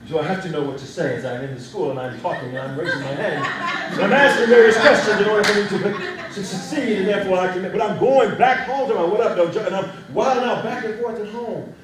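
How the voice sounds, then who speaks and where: A young man giving a motivational speech to a youth audience, telling animated stories. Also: sits high, quick pace, a crowd in the background. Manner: animated storyteller. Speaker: youth speaker. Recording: echoey hall, mic far off.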